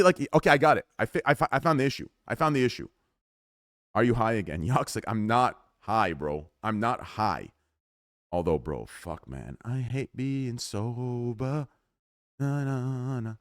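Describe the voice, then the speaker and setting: A male streamer rambles to his live chat in a loose, profane way, hopping from topic to topic. His pitch swings widely from line to line. The sound is close and dry, with almost no room echo. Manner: rambling, profane, self-mocking, jumps between topics.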